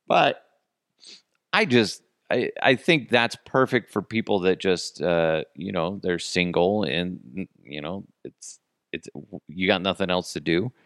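A man's voice: low voice, lively intonation, slow, a bit bright, no room sound, studio quality. A man hosting a podcast, talking casually and rambling offhand, with frequent restarts. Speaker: podcast host. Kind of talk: casual solo commentary.

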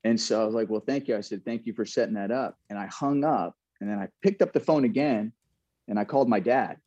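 A man with a low, mellow voice recalls old stories in a relaxed interview, laughing now and then and restarting his sentences. The recording is dull and lo-fi, with a dry, close sound. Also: fast, no room sound. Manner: reflective, laughs often, many restarts. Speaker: guest, former pro baseball player. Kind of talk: casual storytelling interview.

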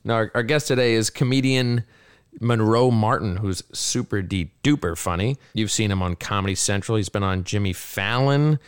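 A man's voice: lowish voice, moderate pace, smooth, no room sound, studio quality. A man co-hosting a podcast, chatting casually with jokey banter. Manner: jokey, self-deprecating banter. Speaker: podcast co-host. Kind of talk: casual chat.

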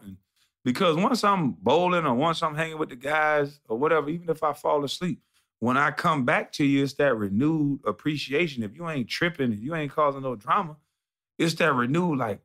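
A man in a blunt, profane ranting monologue, animated and telling stories with quoted voices. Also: on the high side, normal speed.

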